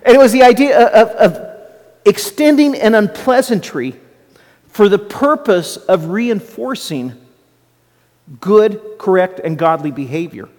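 A middle-aged man delivers a sermon in a relaxed, conversational teaching style, breaking off for asides to his listeners. His voice sits fairly high for a man. The sound carries a long reverb tail, as in a large church sanctuary. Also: measured pace. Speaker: pastor and school administrator.

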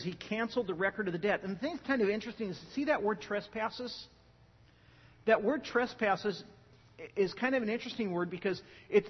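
High, animated preacher in an echoing hall. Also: male voice, slightly rough. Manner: animated, joking storyteller who swings from loud emphasis to quiet. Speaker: pastor. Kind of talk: sermon. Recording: dull lo-fi sound with long hall reverb.

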